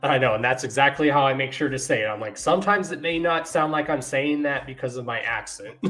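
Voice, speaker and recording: A man's voice: medium pitch, fairly quick. A man with a mid-range voice hosts a casual podcast chat. He tells stories animatedly, acting out what people said and laughing often, with faint music playing behind. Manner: animated storyteller, acts out quotes, laughs often. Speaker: podcast host.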